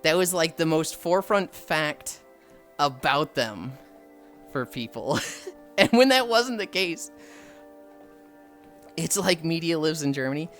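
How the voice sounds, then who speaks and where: Animated woman streamer chatting casually. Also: low-pitched, slow pace, long pauses, soft background music. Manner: animated storytelling, acts out quoted people. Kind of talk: casual chat with friends and chat.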